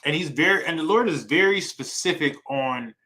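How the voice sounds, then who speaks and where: A man's voice: fairly high pitch, expressive, normal speed, bright, forceful tone, rough recording. Emphatic, slangy man teaching a Bible class. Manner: repetitive, emphatic, slangy, asks "right?" often.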